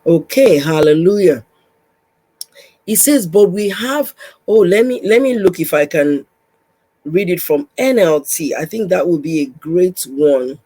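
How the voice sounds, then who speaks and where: Husky-voiced woman preaching encouragement. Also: deep voice, animated, a little slow, rough recording. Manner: repetitive, exhorting, addresses listener warmly. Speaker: podcast host, pastor's wife. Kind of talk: faith podcast teaching.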